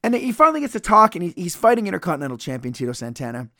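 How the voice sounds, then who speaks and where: A man with a fairly high, gravelly voice rambles through a solo podcast review, swearing freely and cracking sarcastic asides. The sound is dry and close, with no room around him. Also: big pitch swings, rapid-fire, pushed and bright, dry recording. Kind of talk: casual solo commentary.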